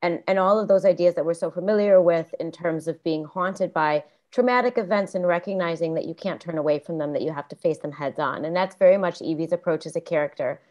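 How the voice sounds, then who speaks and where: Earnest low-voiced woman panelist. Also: a little fast, hardly any pauses, a little mellow. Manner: earnest, long flowing sentences, slight stumbles. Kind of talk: thoughtful panel commentary.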